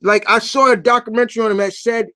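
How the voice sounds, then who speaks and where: A man's voice: very high-pitched, steady tone, fast, sharp tone, dry recording, studio quality. A man hosting a casual live-stream Q&A, talking in a rambling, chatty way with lots of fillers and restarts. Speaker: host of a live Q&A.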